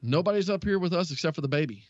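A middle-aged Southern man with a thick drawl, trading self-deprecating jokes on a tech podcast. His voice comes through a dry, slightly dull line with the highs rolled off. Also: animated, racing, no echo. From Texas. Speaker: tech show co-host. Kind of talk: casual podcast chat.

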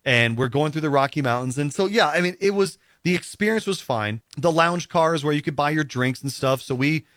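A man's voice: on the high side, fairly quick, fairly bright tone, no echo, clean studio sound. A man telling a long story in casual conversation, rambling with many fillers and acting out what other people said. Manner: rambling, full of "you know" and "like" fillers.

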